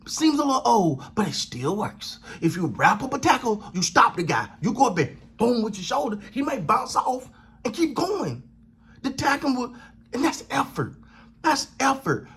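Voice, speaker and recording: This man has a husky, fairly high voice that swings all over the place as he rants about a football game. He hammers his points by repeating himself and talks in casual slang, like a sports channel host reacting on camera. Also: fairly bright tone. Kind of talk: animated sports reaction rant.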